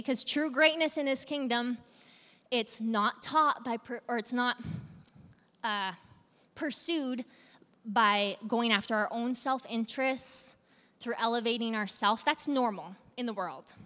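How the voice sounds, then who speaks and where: A woman's voice: fairly high pitch, bright, forceful tone, long reverb tail. A woman pastor preaching a sermon in a conversational manner, talking straight to the congregation with questions.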